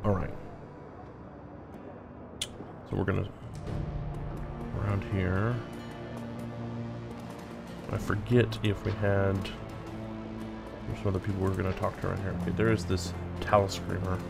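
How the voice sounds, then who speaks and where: A man's voice: low voice, level tone, a little slow, creaky, pauses often, over loud music. A man hosting a let's play, thinking aloud and reading game text as he plays. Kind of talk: casual gameplay commentary.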